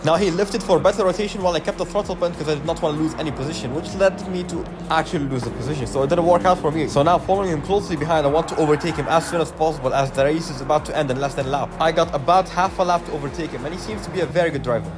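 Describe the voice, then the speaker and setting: A man's voice: on the high side, very fast, few pauses, noisy background. A man giving a matter-of-fact voice-over that explains his sim race. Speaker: sim racing channel host. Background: background music.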